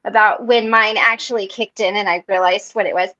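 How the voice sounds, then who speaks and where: A woman's voice: medium pitch, fairly even intonation, brisk, pushed and bright, no echo. A woman hosting an online recovery meeting, telling stories casually and animatedly, laughing often. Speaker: meeting host. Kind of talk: casual online support group chat. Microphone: video call. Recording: muffled dry video call audio.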